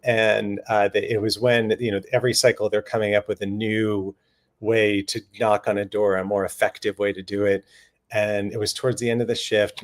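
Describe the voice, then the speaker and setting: A man speaking as a panel guest in a casual discussion, earnest and animated, slipping quick quoted asides into his stories. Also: lowish voice. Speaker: panel guest on voting and redistricting.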